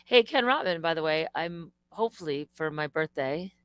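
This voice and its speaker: A woman hosting a live stream, talking in a casual, animated way, indignant and swearing freely. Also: low-pitched, normal speed, smooth, no room sound.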